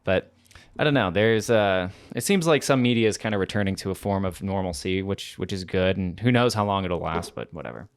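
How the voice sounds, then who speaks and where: A man's voice: deep voice, a little fast, clear, resonant tone, no room sound, studio quality. A man co-hosting a podcast, chatting casually in a rambling, self-correcting, jokey way. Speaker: podcast co-host. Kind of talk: casual chat.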